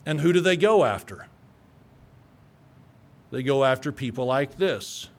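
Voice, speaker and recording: A man's voice: mid-range voice, expressive, measured pace. A male pastor preaching a sermon in an earnest, conversational way that climbs into emphatic peaks.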